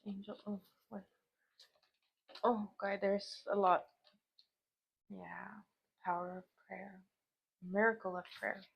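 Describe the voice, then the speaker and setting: A woman giving a spiritual tarot card reading, softly reading out messages and affirmations, moved and emotional at times. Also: medium pitch, flat delivery, takes it slowly, creaky, pauses often, dull audio, a little hiss or hum. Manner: soft, emotional, reads aloud from cards with laughs. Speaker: tarot reader.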